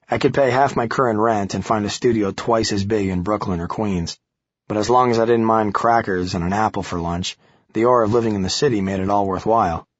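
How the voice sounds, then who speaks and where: A man narrates a first-person thriller in a steady, gritty way. His voice is low and husky. The sound is dry and slightly dull, like a lo-fi recording. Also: no room sound. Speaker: audiobook narrator.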